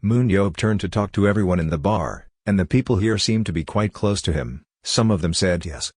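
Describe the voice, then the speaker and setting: A man narrating a comic story recap in a steady, even scripted read. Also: low-pitched, fairly quick, husky, no echo, clean studio sound.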